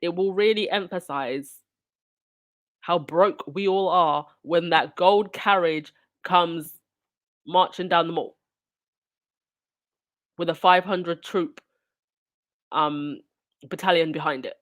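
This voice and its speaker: A woman's voice: fairly low pitch, slow pace, pauses often. A woman reading news aloud and breaking off into sarcastic, indignant asides as a channel host. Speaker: royal news commentator.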